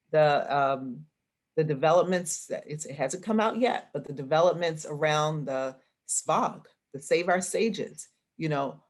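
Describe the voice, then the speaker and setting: Reflective woman thinking aloud. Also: low-pitched. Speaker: arts association president, guest. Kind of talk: conversational interview.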